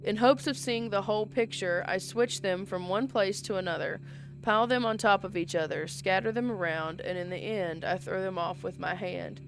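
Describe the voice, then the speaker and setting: A woman's voice: medium pitch, normal speed. Female game reader, mid-range voice, performs every part herself, faint music bed. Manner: reads all parts herself, with casual asides. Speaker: game player reading aloud. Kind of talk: reading a visual novel aloud.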